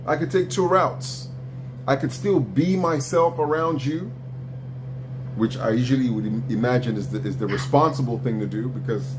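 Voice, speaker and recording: A man lecturing hard on a live stream, blunt and profane, his pitch jumping up when he presses a point. A faint hiss of noise sits under his voice. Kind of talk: heated argument on a live stream.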